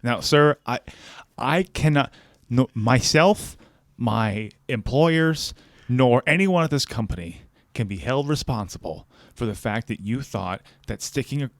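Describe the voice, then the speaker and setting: A man voicing a weary call-center worker who answers a customer in a slow, mock-serious, apologetic tone. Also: medium pitch, animated, dry recording, clean studio sound.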